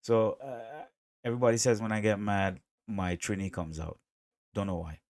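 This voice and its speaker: A man with an American accent giving casual, chatty reaction commentary, excitable and quick to laugh, with plenty of fillers. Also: fairly low pitch, no room sound. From USA, South America and the Caribbean. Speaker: reaction video host.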